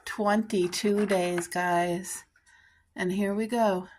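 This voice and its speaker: A woman's voice: medium pitch, fairly even intonation, takes it slowly, a little mellow, a little hiss or hum. A middle-aged woman from Canada chatting casually through a home vlog, homey and talkative, with little apologetic asides. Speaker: vlogger.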